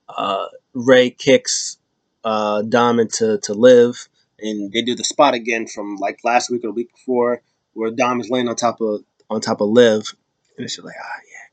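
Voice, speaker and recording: A man giving a casual recap of a wrestling show, animated, acting out quotes in high mocking voices. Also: dry recording.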